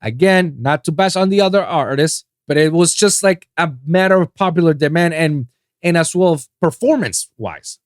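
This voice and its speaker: A man from Puerto Rico hosting a solo podcast, ranting in a casual, profane way that swings between loud outbursts and low mutters. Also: normal speed, dry recording, studio quality. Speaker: podcast host.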